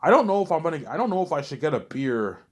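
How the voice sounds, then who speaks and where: A man's voice: on the high side, very animated, fast talker. A man rambling in a casual vlog monologue, boastful and repetitive, swearing freely. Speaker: vlogger.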